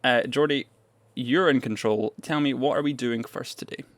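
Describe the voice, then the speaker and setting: A man's voice: mid-range voice, moderate pace, dry recording. A man hosting a casual film review podcast, chatty and rambling, often laughing as he talks.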